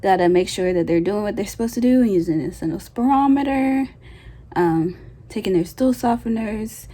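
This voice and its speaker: A woman's voice: medium pitch, mellow. Chatty young woman telling a storytime. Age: young adult. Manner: chatty, emotional, frequent "like" fillers. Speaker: new grad nurse vlogger. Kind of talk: casual storytime vlog.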